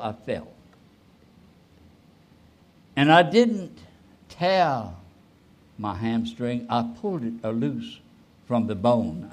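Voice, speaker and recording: A man in his eighties, a pastor telling a personal story in a sermon, rising suddenly and trailing off softly. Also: mid-range voice. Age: 80s. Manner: slow, with sudden rises and soft trailing endings.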